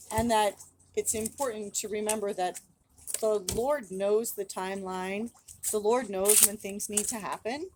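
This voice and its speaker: A middle-aged woman shares a reflective lesson from scripture in a measured, earnest way. Her voice is mid-pitched, and a clear background hiss runs under the recording. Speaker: guest, host's mother.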